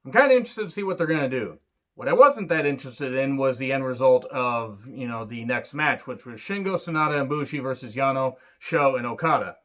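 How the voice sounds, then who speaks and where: A man giving a casual solo wrestling review, excitable and rambling, swearing freely. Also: mid-range voice, fairly quick, muffled recording.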